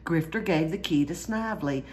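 A woman reading a children's storybook aloud in a lively way, jumping higher for the characters' cries. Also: moderate pace. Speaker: storyteller reading a picture book.

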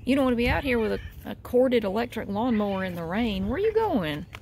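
A woman vlogger chatting casually while filming a cat outside, with a drawn-out, easygoing manner. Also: creaky, a little mellow, a little hiss or hum. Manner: chatty, slow and drawn out, slips into high baby talk for the cat.

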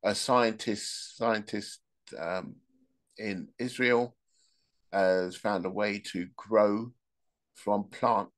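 A man's voice: lowish voice, fairly even intonation, very slow. A man hosting a podcast, telling rambling, joking anecdotes in a casual monologue. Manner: rambling, joking storyteller who laughs at his own anecdotes. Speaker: podcast host.

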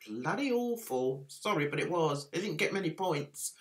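This livestream host has a low-pitched voice and talks at a normal speed, very animated throughout. She rambles chattily, makes self-deprecating jokes, and reads viewers' messages out loud.

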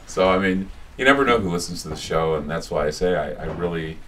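Deep-voiced man rambling from across a room. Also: a little fast, a bit bright, distant mic, a little hiss or hum. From United States. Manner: rambling, chatty storyteller with many restarts. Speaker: radio host giving a talk. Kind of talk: casual public talk with anecdotes. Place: small bookstore, indoors.

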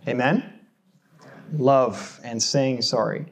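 A male pastor from the United States preaching in a church, at an ordinary middle pitch. He talks to the congregation in a relaxed, conversational way with light self-deprecating humor. He keeps asking them questions as he goes. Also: takes it slowly, breathy edge. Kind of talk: sermon.

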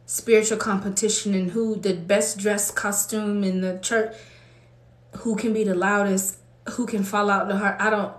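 A woman preaching with deep feeling, her voice sitting at a middling pitch and climbing high whenever she presses a point. Her speech carries the echo of a roomy space. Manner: emotional, builds to fervent high exclamations. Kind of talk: impassioned preaching.

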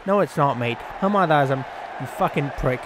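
A man's voice: on the high side, expressive, moderate pace. Swearing man ranting over a game. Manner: swearing, exasperated, joking. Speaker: gaming YouTuber. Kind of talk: casual gameplay commentary. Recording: loud game crowd and noise behind. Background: game crowd and ambience.

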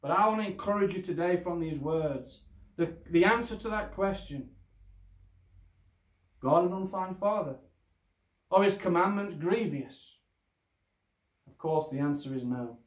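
Slow, deliberate preaching man, echoey. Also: sits high. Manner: slow, deliberate exhortation with rhetorical questions. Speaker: pastor. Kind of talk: sermon.

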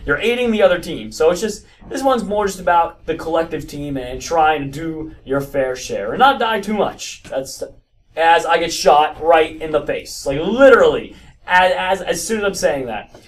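A man giving excited gameplay commentary, stammering and restarting with frequent exclamations. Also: fairly high pitch, normal speed, recorded from a distance. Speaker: gaming video host.

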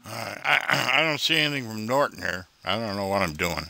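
Bright, taunting man on a call. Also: fairly low pitch, animated, fairly quick, vocal fry, no room sound, studio quality. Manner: profane, taunting, exasperated. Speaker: scam baiter. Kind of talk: prank call with a phone scammer.

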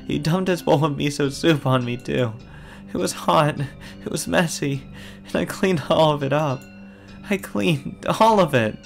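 Guy doing a high teary little girl voice, kinda shaky and pleading. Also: measured pace, vocal fry, soft background music. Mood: hurt, tearful. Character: upset young girl, tearful and wronged.

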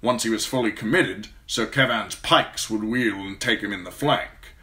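A man reading an audiobook, voicing a cold, calculating older lord who speaks slowly and evenly. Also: lowish voice, pushed and bright, voice pushed up. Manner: slow, measured, cold.

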